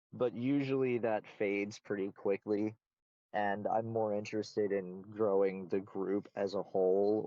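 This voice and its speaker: A man's voice: on the low side, dark tone, no room sound, lo-fi sound. A man answering interview questions in casual conversation, candid, blunt and self-assured.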